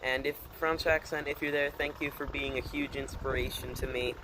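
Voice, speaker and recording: A man chatting casually to his channel, rambling and hesitant, full of fillers and deadpan puns. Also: mid-range voice, moderate pace, background noise. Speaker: channel host. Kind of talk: casual vlog chat.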